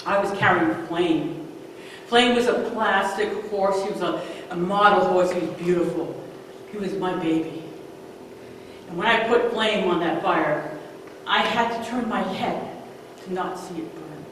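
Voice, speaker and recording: A woman in her fifties performs a true story live on stage in a large hall, her lowish, unhurried voice sinking to near-hushed tones before climbing to emphatic peaks. The mic is far off, so her voice echoes through the reverberant room with faint noise behind.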